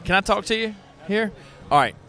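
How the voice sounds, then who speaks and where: A man hosting an unscripted festival walkthrough, excitable and folksy, talking straight to viewers on a handheld mic. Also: sits high, a little fast. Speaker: host walking a pottery festival. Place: outdoor festival grounds. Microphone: handheld microphone.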